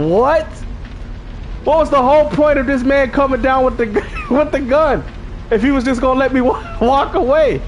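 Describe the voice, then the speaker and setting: A man hosting a gaming channel, talking in a casual, slangy, animated way and often repeating himself. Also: very high-pitched, brisk, a little hiss or hum.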